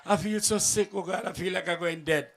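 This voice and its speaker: A man with a Vincentian accent voicing a sly wife who moans softly. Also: high voice, brisk, creaky, voice pushed down. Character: sick, sly wife, adult woman.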